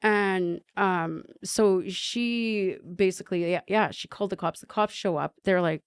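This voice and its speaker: Low, gravelly-voiced woman telling her story. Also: unhurried, hardly any pauses, dry recording. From Canada. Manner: earnest storytelling, with frequent tag questions. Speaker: podcast guest. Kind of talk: personal recovery story in an interview.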